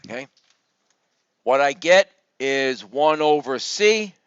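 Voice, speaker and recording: A man teaching a circuits review session, talking loudly, joking with students and coaxing them by name. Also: a little high, smooth, no echo. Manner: loud, projects voice to the room. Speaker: engineering professor. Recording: dull lo-fi, dry sound.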